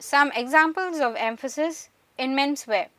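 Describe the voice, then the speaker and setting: Woman reading lecture notes, pretty high bright voice, sounds a bit far from the mic, dry. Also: dry recording. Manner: measured, explanatory. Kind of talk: scripted lecture narration. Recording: voice distant from the mic.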